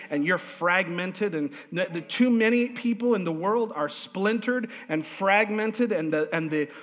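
A male pastor delivers a sermon with emphatic repetition and frequent calls of amen. His voice sits a little high for a man. He shifts between loud, driving emphasis and quiet asides, and a long hall reverb trails every phrase. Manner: emphatic preaching with repeated words and calls of amen. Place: church sanctuary.

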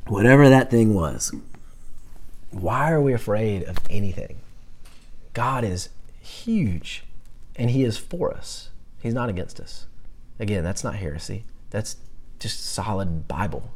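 A man teaching a Bible class in a conversational, animated way, talking back and forth with his students. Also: fairly low pitch, a little slow, long pauses, breathy edge.

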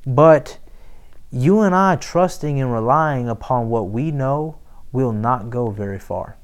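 Male pastor, mid-pitched voice, slow, measured preaching that drops to hushed asides. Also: smooth. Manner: slow, emphatic preaching with soft, near-whispered asides. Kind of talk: sermon.

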